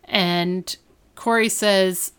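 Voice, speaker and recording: A young woman with a smooth, clear voice chats casually on a podcast. She sits at a mid pitch and retells a TV episode in animated fashion, acting out the characters' lines as she goes. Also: very slow. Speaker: podcast co-host. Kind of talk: casual chat recapping a TV episode.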